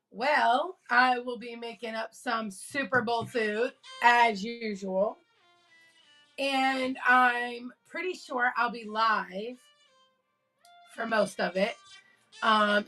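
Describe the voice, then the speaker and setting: A woman's voice: fairly high pitch, pushed and bright, rough recording. A woman hosting a casual live stream from home, telling stories with lots of laughs and greeting her chat. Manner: chatty storyteller, laughs often, greets chat. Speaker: livestream host.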